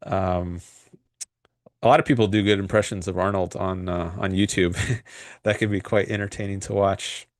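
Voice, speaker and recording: A man hosts his own livestream, talking in a loose, meandering way and reading viewer comments aloud. His voice sits on the low side and sounds dry and close, with no room around it. He hesitates often, filling gaps with "um" and restarting his sentences. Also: steady tone, moderate pace, no room sound. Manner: rambling and hesitant, frequent fillers and restarts. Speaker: livestream host.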